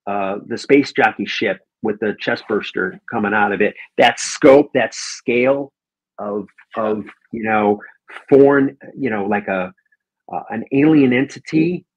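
A man's voice: fairly low pitch, a little slow, slightly rough, lo-fi sound. A man, a guest collector on a video call, chatting casually about comic art, enthusiastic and rambling with many ums.

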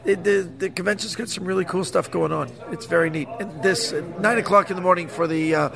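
Canadian guy in his 60s, gravelly, rattles off stories quick, kinda high voice, laughs a lot. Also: steady tone, a crowd in the background. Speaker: guest, magician. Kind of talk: casual storytelling.

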